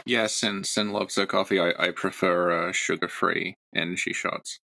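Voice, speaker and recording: Deep-voiced man playing a tabletop game. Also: fairly even intonation, normal speed, gravelly, sharp tone, no echo, rough recording. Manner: casual, hesitant, restarts. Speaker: player.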